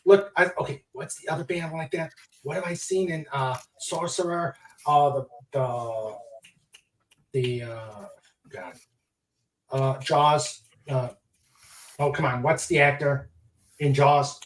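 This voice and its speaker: A man hosting a casual podcast chat, halting and searching for words. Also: on the high side. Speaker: host. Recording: roomy, distant mic.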